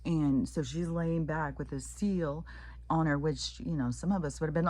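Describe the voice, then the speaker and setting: Very low, husky-voiced woman rambling. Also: moderate pace, mellow, no echo. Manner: profane, rambling, frequent fillers. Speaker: vlogger. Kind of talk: casual rambling monologue.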